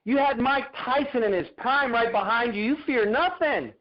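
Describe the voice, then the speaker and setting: A man's voice: very high voice, moderate pace, muffled recording. A man giving a fervent, preacher-like motivational talk on a group video call, repeating his phrases. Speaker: motivational speaker.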